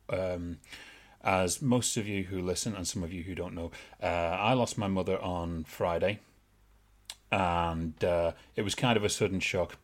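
A man co-hosting a podcast, talking in an earnest, rambling casual way. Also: low voice. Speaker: podcast co-host. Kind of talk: casual chat.

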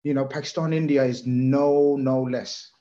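A man chatting as a podcast guest, telling stories in an animated, rambling way. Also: medium pitch, normal speed, lo-fi sound. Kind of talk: casual football chat.

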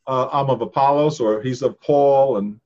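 A man's voice: medium pitch, normal speed, muffled recording. A man taking part in a casual Bible study, reading scripture aloud and answering questions.

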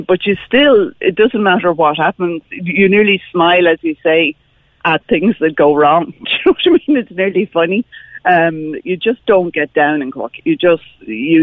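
A woman's voice: lowish voice, normal speed, no echo. A woman from Dublin with an Irish accent calling in to a radio chat, talking earnestly and enthusiastically with many fillers. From Dublin, Ireland. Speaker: caller. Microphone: phone. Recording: tinny phone line.

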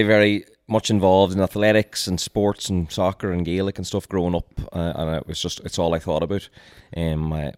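A man's voice: deep voice, no room sound, clean studio sound. A young Irish man with a Donegal accent, a podcast guest talking in a casual, self-deprecating, laughing way. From Ireland, County Donegal.

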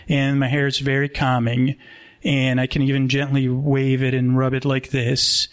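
A man telling an improvised comic story at a live show, rambling and deadpan, with many restarts. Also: medium pitch. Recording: rough live show audio.

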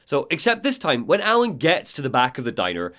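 A man's voice: on the high side, wildly swooping pitch, a little fast, bright, forceful tone. A man hosting a casual podcast, recapping video game lore and reading out quotes in different voices. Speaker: podcast host.

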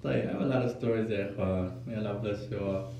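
An Arabic and Islamic studies teacher leads an informal class, telling stories and moving between Arabic and English. His voice is fairly low, dark, and creaky, and he talks fast. The echoey classroom is captured from a distance, with a little hiss or hum.

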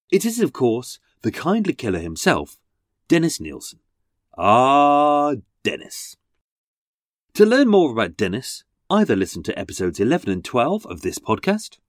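A man's voice: mid-range voice, darkish tone, no room sound, studio quality. A man hosting a comic podcast in a sardonic, theatrical way. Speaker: podcast host.

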